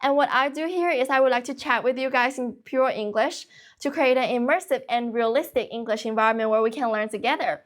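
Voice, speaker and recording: A young woman in her late teens hosting a casual livestream, talking quickly and continuously with few pauses. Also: fairly high pitch. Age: young adult. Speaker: livestream host teaching English.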